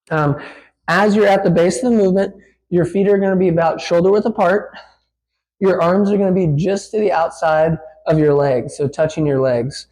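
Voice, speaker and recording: A man's voice: sits high, a little mellow, low-quality recording. A physical therapist demonstrating a lift in a gym, explaining casually with many fillers and getting out of breath as he works. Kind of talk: instructional demonstration.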